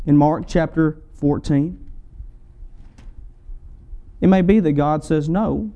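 A man's voice: on the high side, warm tone. A man preaching a sermon, building with emphatic repetition and rising fervor. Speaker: pastor.

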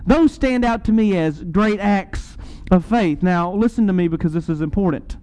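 A man's voice: sits high, lively intonation, normal speed, a little mellow, low-quality recording. A man preaching a sermon, earnest and rising to emphatic peaks.

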